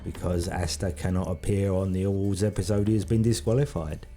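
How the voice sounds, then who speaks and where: A stern police inspector, read by a man in a party mystery game. He presses with blunt, probing questions in a very deep, dark voice. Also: steady tone, fairly quick, soft background music.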